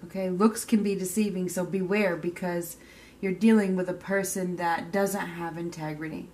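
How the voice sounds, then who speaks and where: A woman's voice: lowish voice, fairly even intonation, normal speed, a little mellow. A woman giving a casual tarot card reading, blunt and emphatic, often repeating herself and checking in with "okay?" while swearing casually. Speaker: tarot reader.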